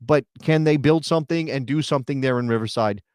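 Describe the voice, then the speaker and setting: A middle-aged man co-hosting a soccer talk show, chatting casually and thinking out loud with rhetorical questions. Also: mid-range voice, brisk, clean tone, dry recording, clean studio sound. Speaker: soccer podcast co-host. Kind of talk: casual chat.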